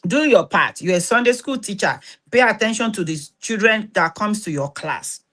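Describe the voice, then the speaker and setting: A woman's voice: medium pitch, lively intonation, moderate pace, fairly bright tone. A woman hosting a talk, urging listeners in an exhorting way, often repeating words as she restarts. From Nigeria. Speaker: host. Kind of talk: earnest spoken talk to camera.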